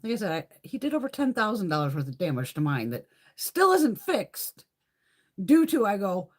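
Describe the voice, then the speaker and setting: Middle-aged woman, husky and lower-pitched, swears freely while telling lively stories on a live chat. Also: moderate pace. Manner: profane, storytelling, laughs often. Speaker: beauty vlogger hosting a live chat. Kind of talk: casual live-stream chat.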